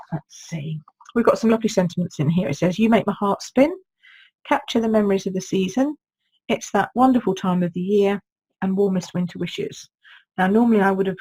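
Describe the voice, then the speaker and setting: A woman's voice: medium pitch, a little mellow, slightly rough, low-quality recording. A woman with a sore throat, chatting through a live card-making demonstration and thinking aloud as she works. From United Kingdom. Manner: chatty, thinks aloud, reads viewer comments. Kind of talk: live-streamed craft demonstration.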